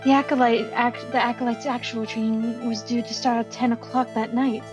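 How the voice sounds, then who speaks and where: A woman's voice: a little high, flat delivery, fairly quick, over music, close to an everyday voice. Woman doing a Southern-drawling young nun. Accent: put-on Southern US. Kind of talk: fan voice-over of a game.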